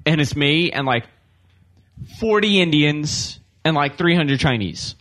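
A man's voice: a little high, unhurried. A man telling a story on a casual radio show. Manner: animated anecdote telling with acted quotes.

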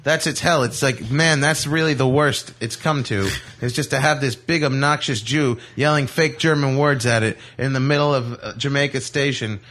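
A man's voice: medium pitch, moderate pace, hardly any pauses, fairly bright tone. A comedian, a man, telling rambling jokey stories in a casual radio chat. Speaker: comedian guest. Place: radio studio.

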